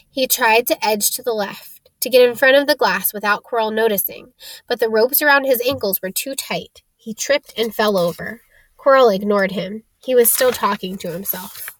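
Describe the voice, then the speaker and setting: A woman narrating a story for an audiobook in a steady, clear manner. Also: a little high, normal speed, no echo. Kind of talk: scripted narration.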